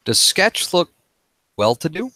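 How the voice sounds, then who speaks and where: Slow-talking bright-voiced man at the table. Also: a little high, big pitch swings, no room sound. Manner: slow, laid-back, swears casually. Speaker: player. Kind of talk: casual tabletop role-play.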